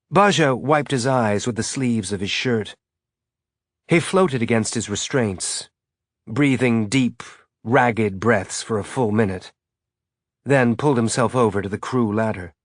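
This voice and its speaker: Slow, measured male audiobook narrator. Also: lowish voice, no echo, studio quality.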